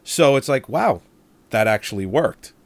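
A man's voice: medium pitch, animated, measured pace, no echo. A man co-hosting a casual movie review podcast, recounting scenes and acting out quotes in conversation. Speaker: podcast co-host.

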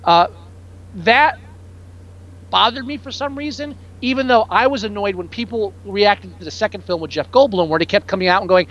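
A man in casual podcast chat, rambling and halting with many restarts, now and then putting on mocking voices. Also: sits high, a bit bright, dull audio.

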